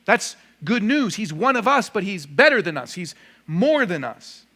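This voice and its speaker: Man, pastor, conversational sermon, slightly high voice, church room. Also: very animated, moderate pace, pushed and bright. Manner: conversational preaching with rhetorical questions.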